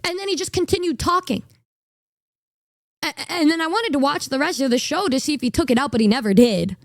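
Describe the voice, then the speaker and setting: A woman's voice: sits high, a little fast, dry recording, clean studio sound. A woman in her twenties, a streamer telling a story in casual chat, rambling and stammering with a bashful, giggly manner.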